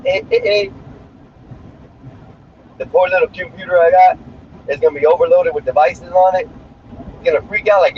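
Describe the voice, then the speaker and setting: This streamer's voice is high and moderately paced, broken up by frequent pauses. He chats brashly and crudely while driving, rambling on a livestream, with the phone recording muffled and faint road noise audible.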